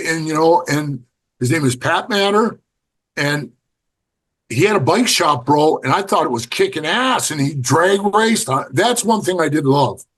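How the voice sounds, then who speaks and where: A middle-aged man, a podcast guest, telling blunt, profane stories and acting out the quotes in his anecdotes. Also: fairly high pitch. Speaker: podcast guest, former biker club member. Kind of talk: casual storytelling interview.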